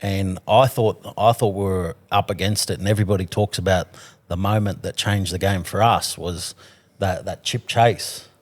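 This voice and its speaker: A man with a somewhat low voice hosts a podcast. He chats easily with his guest in a loose, unhurried way. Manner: relaxed, chatty. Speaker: podcast host. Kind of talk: casual chat.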